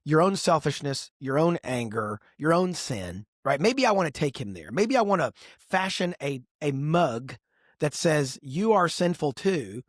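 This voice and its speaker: Animated, husky middle-aged man. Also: a little high, unhurried, no room sound, clean studio sound. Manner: animated storyteller, lively and expressive. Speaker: podcast co-host. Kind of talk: casual podcast conversation.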